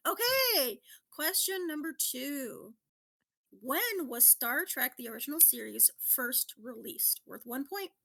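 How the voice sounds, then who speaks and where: A woman hosting a casual podcast quiz, excitable and quick to laugh. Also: high-pitched, creaky. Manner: excitable, laughs often, quizmaster. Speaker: podcast host running a quiz.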